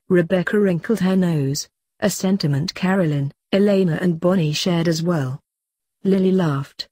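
A woman's voice: fairly low pitch, unhurried, a little mellow, slightly rough, no echo, studio quality. A woman reading fanfiction aloud, narrating steadily and lightly voicing the dialogue. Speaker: fanfiction reader.

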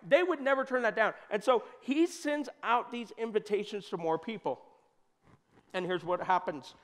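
A man preaching a sermon in a church, talking conversationally and joking, with sudden loud bursts. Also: sits high, moderate pace. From United States. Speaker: pastor. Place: church hall. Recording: long hall reverb.

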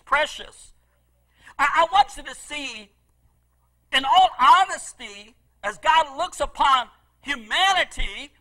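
In a low-quality recording, a middle-aged male pastor delivers a passionate sermon in an extremely high pitch. He repeats phrases and swings between loud emphasis and soft asides.

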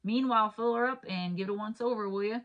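A woman's voice: medium pitch, fast talker, lo-fi sound, pitched above the performer's own voice, close to an everyday voice. A woman voicing a tipsy, jovial young male outlaw with a put-on rural drawl and courtly, grinning manners.

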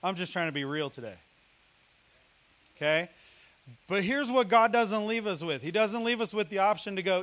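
A man from Missouri, a guest preacher, delivering a lively sermon with a loud, yelling style and playful teasing of the congregation. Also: sits high, moderate pace, long pauses.

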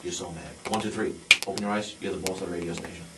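A man's voice: low voice, steady tone, quick pace. A male hypnotist coaxing a subject with suggestive commands in a radio studio. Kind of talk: hypnosis demonstration. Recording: echoey, distant, noisy studio.

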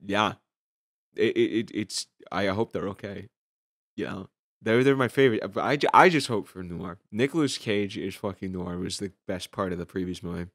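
A man's voice: low-pitched, moderate pace, fairly bright tone, no room sound, studio quality. A young man hosting a casual podcast, telling rambling stories full of fillers and restarts. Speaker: podcast host.

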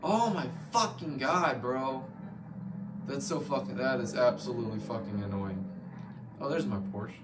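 A man's voice: mid-range voice, unhurried, recorded from a distance, over loud music. A young man commentating his own gameplay, frustrated and swearing constantly. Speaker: gamer playing live. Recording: noisy background ambience.

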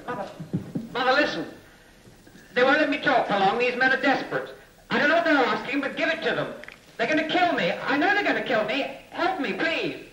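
Terrified captive begging down a tape, really high strained voice, bright and thin, echoey and far off with a little hiss. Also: male voice, big pitch swings, brisk, exaggerated voice. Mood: pleading, panicked. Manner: desperate, pleading, high and strained. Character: terrified young nobleman pleading on a tape recording. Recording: distant echoey tape playback with faint hiss.

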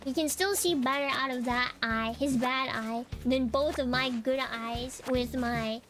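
A woman's voice: high voice, steady tone, measured pace. A woman chatting casually while streaming a game. She tells stories in a chatty way and giggles often. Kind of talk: casual chat while gaming.

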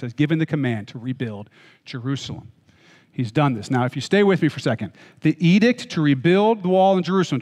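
A man's voice: fairly high pitch, in a large hall. A man preaching a sermon as pastor, reading scripture and then explaining it in a conversational way, with joking asides and frequent check-ins with listeners. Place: church hall.

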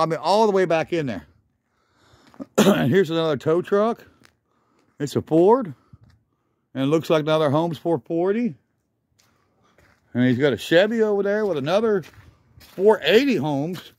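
A man vlogs his way around an outdoor junkyard, eagerly rattling off the vehicles he sees and sounding a little out of breath. The voice is fairly high-pitched with a darkish tone, and there's no room sound in this casual walk-around commentary.

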